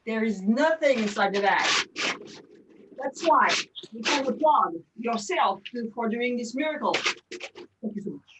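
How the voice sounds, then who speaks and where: A woman's voice: fairly high pitch, animated, unhurried, long pauses, recorded from a distance, noisy background. A woman from France with a French accent, doing chatty, self-mocking magic show patter over a video call.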